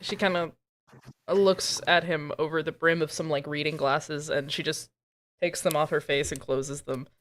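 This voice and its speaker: A woman's voice: low voice, fairly even intonation, moderate pace. A woman playing a tabletop role-playing game, casually describing her character's actions. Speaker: player. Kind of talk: tabletop role-play narration.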